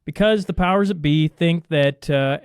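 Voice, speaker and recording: Emphatic man, higher-pitched voice. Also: moderate pace, clean tone, no room sound, clean studio sound. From Canada. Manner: emphatic, ranting, answers his own rhetorical questions. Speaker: podcast guest. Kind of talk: casual conversational interview.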